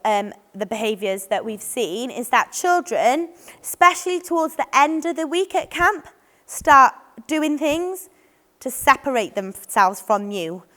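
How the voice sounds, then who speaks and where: Brief: woman, fairly high voice, rambling trainer tone, long hall echo. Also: a bit bright. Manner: chatty, many ums and restarts, acts out what children and adults say. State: voice a bit off today. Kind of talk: informal training talk.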